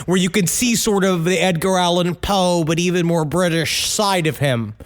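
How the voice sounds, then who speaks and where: A man's voice: sits high, normal speed. A man, an actor co-hosting a podcast, rambling with crude jokes in casual banter. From United States.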